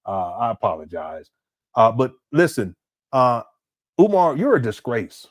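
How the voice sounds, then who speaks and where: A man's voice: mid-range voice, big pitch swings, unhurried. A man hosting a reaction commentary, incredulous and indignant, laughing often. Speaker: commentary channel host.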